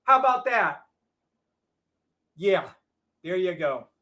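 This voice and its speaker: A man hosting a live trading show, ranting in a loud, profane, combative way to his viewers. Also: sits high, very animated, slow. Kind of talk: heated livestream rant.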